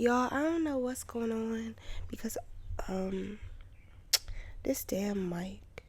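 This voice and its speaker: A woman's voice: on the high side, slow, long pauses, darkish tone. A young woman hosting her own podcast in a loose, chatty way, swearing casually, her voice still worn from being sick. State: recovering from covid, voice still sick. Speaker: podcast host. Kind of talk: casual solo podcast talk.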